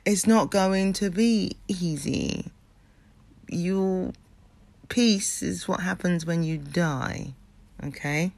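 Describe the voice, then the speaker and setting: A man's voice: high-pitched, extremely slow, vocal fry. A man giving a motivational talk about habits and mindset, earnest and emphatic, repeating phrases and checking in with the listener.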